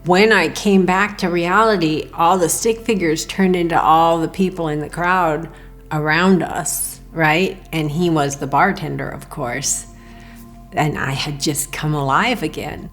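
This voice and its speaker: A woman recounting a personal experience in an earnest, emotional way, quoting her own thoughts. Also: sits low. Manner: earnest, emotional retelling with quoted inner thoughts. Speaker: near-death experience storyteller. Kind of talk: personal testimony.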